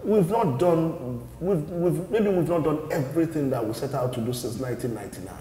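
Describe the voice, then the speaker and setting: Measured and explanatory, a male party spokesman talks through an interview, repeating words as he restarts his thoughts. His voice is mellow, dark and level, and the room has a long, echoing reverb.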